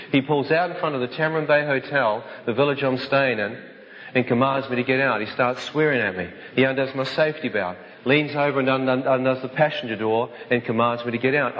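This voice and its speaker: A man telling a dramatic personal testimony to an audience, vivid and animated, acting out the voices in his story. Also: mid-range voice. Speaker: speaker giving a testimony. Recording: echoey hall, dull sound.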